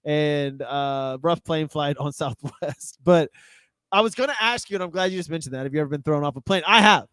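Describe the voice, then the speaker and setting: High-voiced excitable sports show host man. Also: clean tone, no room sound. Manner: excitable, laughs often, fast riffing. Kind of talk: casual sports chat.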